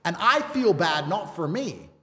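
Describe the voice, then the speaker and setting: A man's voice: sits high, big pitch swings, a little slow, bright, forceful tone, long reverb tail. A man from England, a guest talking with emphatic, repetitive rhetoric in a podcast conversation. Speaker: interview guest.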